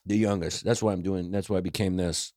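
A man from Brooklyn, a comedian guest on a podcast, telling stories in quick, joking, profane chat. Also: low voice, steady tone, warm tone, no room sound, clean studio sound. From Brooklyn, New York. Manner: quick, joking storyteller, swears freely.

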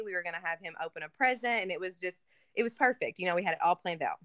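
A woman from Kentucky, guesting in an interview, tells an emotional personal story casually and earnestly with lots of fillers. Her voice is lowish, a bit bright, expressive and fast, recorded dry.

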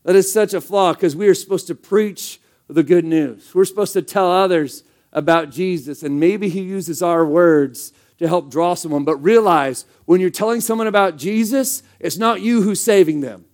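A pastor preaching a sermon in a conversational, emphatic way, full of rhetorical questions. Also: male voice, high voice, moderate pace, hardly any pauses, a little mellow.

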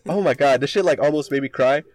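A man's voice: fairly high pitch, quick pace, a little mellow, no echo. A man co-hosting a podcast, rambling through a story retelling with lots of filler words and casual swearing. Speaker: podcast co-host.

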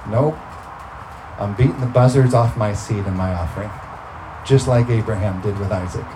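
A man's voice: on the low side, moderate pace, noisy background. A man preaching a sermon, talking through scripture in a conversational way and breaking into emphatic bursts.

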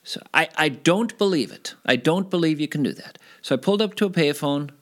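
A middle-aged man from Minnesota telling stories from his past in a casual interview, animated and climbing high when he gets excited. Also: a little fast. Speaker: guest storyteller.

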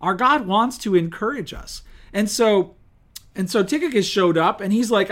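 Lively conversational male preacher. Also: high-pitched, moderate pace. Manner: lively, conversational preaching with rhetorical questions and acted-out quotes. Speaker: pastor. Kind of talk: sermon.

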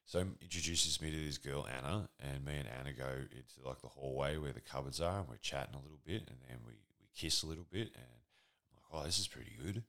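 An Australian man in his forties with a bottomless, rumbling bass voice spins a casual comedic anecdote. He rambles, swears freely and pokes fun at himself as he goes. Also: a little fast, gravelly, a bit bright. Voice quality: extremely deep voice. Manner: rambling, profane, self-deprecating storytelling.

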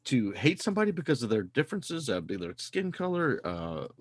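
A man's voice: mid-range voice, big pitch swings, a little fast, slightly rough, dry recording. A man in his thirties hosting a casual podcast, ranting with heavy profanity and mounting fire. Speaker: podcast host.

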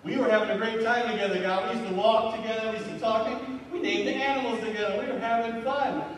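A man's voice: high-pitched, fairly even intonation, fast, a little hiss or hum, natural voice. A man putting on a whiny, blame-shifting first man. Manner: complaining, pleading. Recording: echoey hall from far off.

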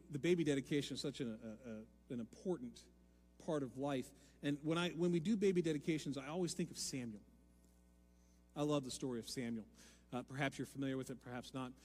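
A male pastor delivers a sermon in a dynamic way, dropping to hushed lines and then rising to loud, emphatic appeals. His voice sits high for a man. The sound carries a long hall reverb with faint music underneath. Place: church sanctuary.

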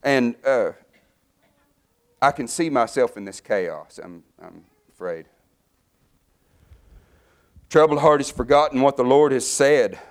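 A middle-aged man preaching a sermon, fervent, his voice climbing higher and louder as he builds. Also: slow pace, pauses often.

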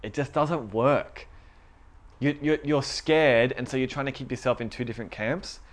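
Young male preacher, casual talk, animated quoting, mid-range voice. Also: medium pitch, normal speed. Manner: conversational, animated retellings with quoted voices. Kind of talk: casual sermon.

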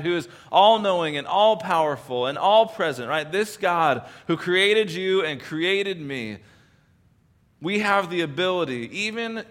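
A man's voice: on the high side, fairly bright tone. Conversational male pastor preaching. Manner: conversational, many restarts and tag questions. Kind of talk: sermon.

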